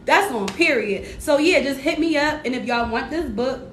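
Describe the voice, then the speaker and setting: A woman's voice: expressive, moderate pace. A woman giving a casual card reading to livestream viewers, slangy and encouraging as she chats with them. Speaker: spiritual reader on a livestream. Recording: echoey room with faint rumble.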